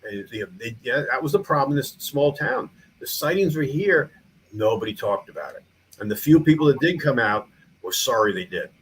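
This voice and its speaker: A man's voice: medium pitch, expressive, brisk, a little hiss or hum, low-quality recording. Rambling middle-aged man telling stories. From New York. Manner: rambling, frequent restarts and fillers. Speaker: museum founder and mayor. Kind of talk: casual podcast interview.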